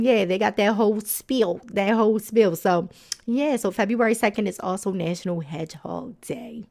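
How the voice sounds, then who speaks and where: A woman hosts a nature podcast in a casual, chatty way, laughing often. She drifts into sassy, colloquial asides between facts. Her pitch sits in a plain middle range for a woman. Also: moderate pace, gravelly, a little mellow. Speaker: podcast host.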